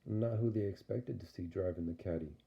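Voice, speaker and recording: A man's voice: deep voice, fairly quick, gravelly. A man narrating an audio story in a rambling, playful way. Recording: dull lo-fi recording.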